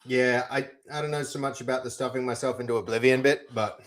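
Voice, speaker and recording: A man's voice: medium pitch, fairly even intonation, fairly quick, hardly any pauses. A young man live-streaming, chatting casually to his viewers while working on code, rambling with many restarts. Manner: rambling, talks to chat, lots of restarts.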